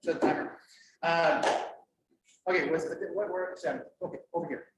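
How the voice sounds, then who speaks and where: A middle-aged man presenting at a conference, lively and joking as he quizzes the audience. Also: on the high side, normal speed. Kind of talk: interactive workshop talk. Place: conference room. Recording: echoey room, mic far off, faint noise.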